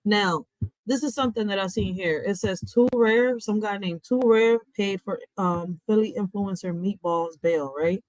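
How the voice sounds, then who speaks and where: A woman talks bluntly to her viewers while reacting to a news clip. Her voice sits mid-range and the room sounds dry and close. She keeps a chatty, animated tone. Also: medium pitch, normal speed, no echo, low-quality recording. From Philadelphia, USA. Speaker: host of a reaction channel. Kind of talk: casual reaction commentary.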